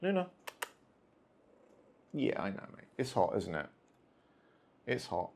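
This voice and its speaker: A man's voice: fairly low pitch, sing-song, takes it slowly, darkish tone. A man hosting a solo tabletop wargame session, chatting casually and talking to his cats between dice rolls. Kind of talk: casual play-through commentary.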